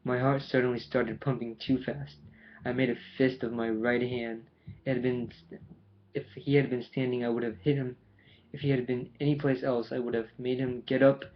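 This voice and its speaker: A man reading a novel aloud in a plain, careful way, with small stumbles, recorded with a dull, lo-fi sound. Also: mid-range voice. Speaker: audiobook reader. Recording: dull lo-fi home recording with faint hiss.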